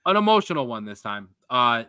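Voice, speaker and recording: A young man co-hosting a sports podcast, talking in a rambling, jokey, animated way. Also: medium pitch, fairly quick, slight background noise. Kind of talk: casual sports chat.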